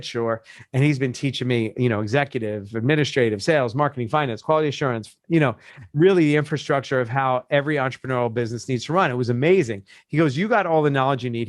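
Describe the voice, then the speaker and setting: A man's voice: mid-range voice, no room sound, clean studio sound. A man who coaches businesses, telling a story in casual podcast talk and acting out the people he quotes. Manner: animated storyteller, acts out quoted voices.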